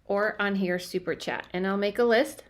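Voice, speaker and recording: A woman's voice: medium pitch, steady tone, normal speed, slight background noise. A young woman working as a spiritual medium, chatting casually on a livestream from home, scattered and full of fillers and restarts. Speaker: medium doing live readings. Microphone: phone or webcam livestream.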